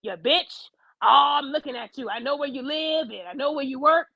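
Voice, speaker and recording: A hostile, threatening woman, as a woman acts her out, menacing and dropping into a whisper, pitched a bit high. The sound is dull and lo-fi, close and dry. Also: normal speed, gravelly, sharp tone, no echo, full character voice.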